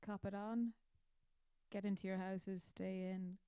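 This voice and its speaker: Rambling, warm-voiced Irish woman host. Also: mid-range voice, level tone, measured pace, clean tone, dry recording. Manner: rambling, chatty, self-mocking. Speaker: musician hosting her own show. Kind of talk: casual chat.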